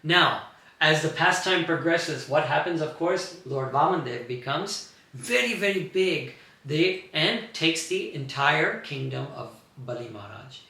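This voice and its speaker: Gravelly bright-voiced man teaching. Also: fairly high pitch, measured pace. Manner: explanatory, animated storytelling. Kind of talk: scripture class storytelling. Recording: very echoey room.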